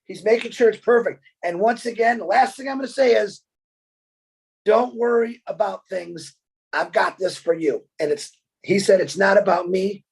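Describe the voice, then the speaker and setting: A man's voice: sits high, normal speed, creaky, husky, rough recording. A man giving a fervent motivational webinar speech, repeating himself and often raising his voice. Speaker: webinar presenter.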